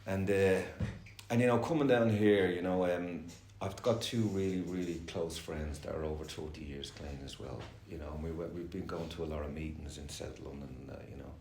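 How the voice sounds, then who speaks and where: A man's voice: very deep voice, steady tone, a little fast, a little mellow. A middle-aged man giving a rambling, candid and heavily profane personal share at a recovery meeting. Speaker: speaker sharing at a recovery meeting. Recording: echoey room with faint noise.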